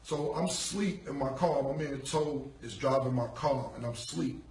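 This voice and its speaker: A man's voice: mid-range voice, moderate pace, darkish tone, slight background noise. A man casually telling a long story from his past in loose, profane street slang, acting out what people said. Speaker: rapper telling a story on a live stream. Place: room, streaming from a phone. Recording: echoey phone audio from a distance.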